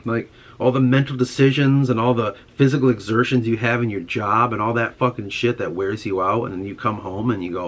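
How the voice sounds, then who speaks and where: A man's voice: medium pitch, steady tone, fairly quick, hardly any pauses. A young man in a casual monologue, ranting with frustration and heavy swearing. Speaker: podcast host.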